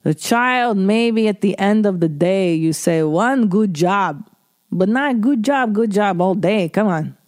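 A woman's voice: medium pitch, lively intonation, slow, a little mellow. A woman quoting her older father in a scolding, lecturing tone. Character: older father, gruff and dismissive.

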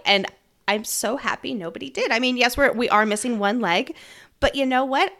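A woman's voice: mid-range voice, animated, a little fast, bright, forceful tone. A woman co-hosting a book podcast, talking enthusiastically and weighing theories about the story. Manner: enthusiastic, analytical. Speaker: podcast co-host. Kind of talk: casual book discussion.

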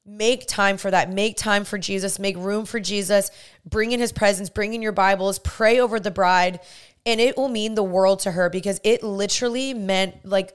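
A woman's voice: medium pitch, smooth. A woman in her twenties, a podcast host, telling a casual story in a bubbly, gushing way with lots of "like". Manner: bubbly, gushing, heavy use of "like".

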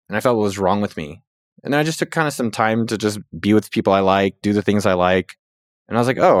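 Man, thirties, casual podcast talk, rapid, lively retelling, dry studio sound. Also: dry recording. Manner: animated storytelling, jumps up in pitch when quoting. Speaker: podcast host.

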